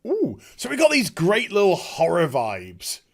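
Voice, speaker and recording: A man's voice: high-pitched, wildly swooping pitch, measured pace, vocal fry. A middle-aged man giving casual, sarcastic commentary on a trailer, with chuckling asides. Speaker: YouTube commentator.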